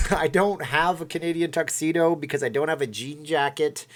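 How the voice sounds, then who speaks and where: A man's voice: on the high side, moderate pace, fairly bright tone. A man hosting a casual livestream, rambling and chatting as he reacts to viewer comments. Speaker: livestream host.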